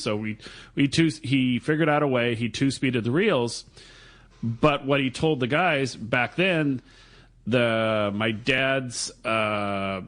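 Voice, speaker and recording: A man's voice: medium pitch, a bit bright. A man, a guest on a fishing radio show, telling a long-winded story in a casual, chatty way. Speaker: guest reel builder.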